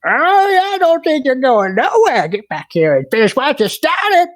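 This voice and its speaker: A man voicing a rough creature that taunts in a very high, squeaky voice during a tabletop game. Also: sing-song, moderate pace, no echo, clean studio sound. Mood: taunting.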